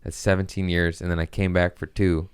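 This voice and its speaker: A man's voice: low voice, level tone, a little fast, clear, resonant tone, no echo, studio quality. A man hosting a podcast, chatting casually with loose, profane, jokey storytelling. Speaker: podcast host. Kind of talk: casual chat.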